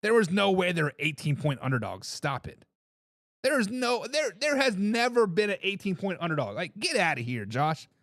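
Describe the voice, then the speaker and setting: Brief: high-voiced male sports-stream host, bouncy and excitable, teasing his chat, dry close sound. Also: normal speed, dry recording. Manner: excitable, laughs and repeats himself, teases commenters. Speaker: sports talk show host. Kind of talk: live-stream chat reading viewer comments.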